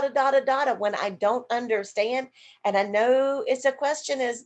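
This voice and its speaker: A woman's voice: fairly high pitch, moderate pace. A woman nurse educator teaching an online seminar, acting out example questions and answering her own questions as she explains. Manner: demonstrative, acts out example questions to a partner. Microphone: video call.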